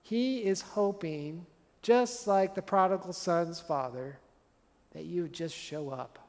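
Guy preaching, kinda high voice, chatty but earnest, big echo off the hall. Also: slow pace, a little mellow. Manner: conversational and earnest, with repeated emphatic phrases. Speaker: pastor. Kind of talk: sermon.

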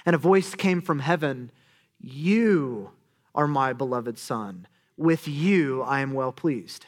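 Animated preacher man, fairly high voice. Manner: animated, dropping to a low hushed voice for emphasis. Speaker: pastor. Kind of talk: sermon.

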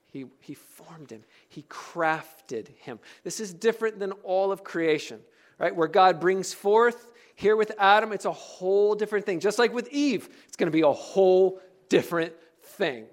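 A man preaching a sermon to a congregation, asking them questions and slowing down or getting louder for emphasis. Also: sits high. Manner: varies pace and loudness for emphasis. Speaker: pastor.

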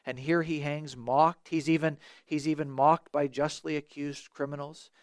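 A man's voice: a little high, level tone, moderate pace, dry recording. A man preaching a sermon in an earnest way, asking rhetorical questions and sometimes restarting his words.

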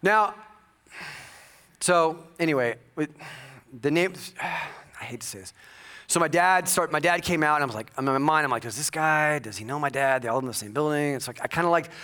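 A male pastor preaching a sermon, telling a personal story with humor and bursts of loud excitement. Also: on the high side, normal speed. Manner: animated storytelling with jokes and sudden loud bursts.

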